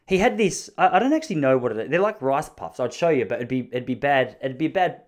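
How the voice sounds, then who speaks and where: An Australian man in his thirties talks quickly through a solo podcast, and his stories wander. He jokes as he goes and slips into voices for the people he quotes. His pitch sits in a plain middle range. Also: lively intonation. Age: 30s. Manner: rambling, jokey, acts out quoted voices. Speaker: podcast host.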